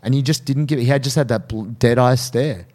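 A man co-hosting a podcast, telling a story in casual chat and acting out quotes in a higher voice. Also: fairly quick. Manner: animated, acts out quotes in high voices. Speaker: podcast co-host.

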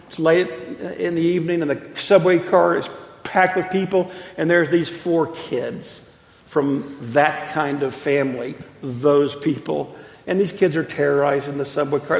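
Gravelly pastor preaching in an echoey hall. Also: male voice, on the high side. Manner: emphatic storytelling with drawn-out pauses. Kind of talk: sermon.

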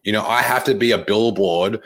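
A young man coaching fitness on a live-streamed podcast, with a lowish voice. He talks bluntly and swears, repeating his points and filling gaps with "like" and "okay". His delivery is casual and direct. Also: normal speed, a bit bright. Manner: blunt, repetitive, swears, many fillers.

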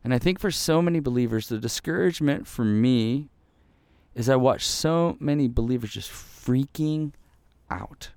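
A man preaching a devotional sermon in an earnest way, repeating phrases for emphasis and dropping to a hushed voice when quoting prayer. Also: mid-range voice, moderate pace, smooth, dry recording, studio quality. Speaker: pastor.

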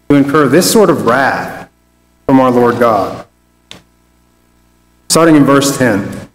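A man preaches a Bible study at an even middle pitch, talking it through conversationally and reading scripture aloud. His voice rings out into a roomy space with a long hall reverb trailing behind each phrase. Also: measured pace, pauses often.

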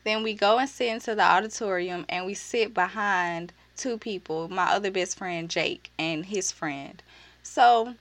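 A sassy young woman chats through a story, swearing and slipping into high-pitched quoted voices. Her voice sits at an ordinary middle pitch. The sound is dry and close, with almost no room echo. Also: unhurried, fairly bright tone. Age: young adult. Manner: uses slang and profanity freely. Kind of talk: casual storytelling vlog.

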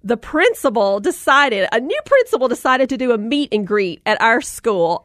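Lively Southern mom telling a story. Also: female voice, a little high, moderate pace, few pauses, no echo, studio quality. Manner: animated storyteller, acts out voices, talks to audience directly. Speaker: mom and motivational speaker. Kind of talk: storytelling talk with faith encouragement.

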